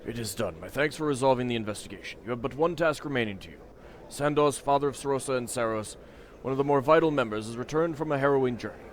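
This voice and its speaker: A man voicing a calm, solemn male faction leader who speaks in a measured, formal way. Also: medium pitch, natural voice.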